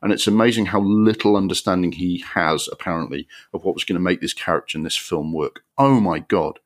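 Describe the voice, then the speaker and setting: A man co-hosting a film podcast, ranting in exasperated, sweary bursts and jumping up in pitch when riled. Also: a little fast. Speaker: podcast co-host. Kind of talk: casual film review rant.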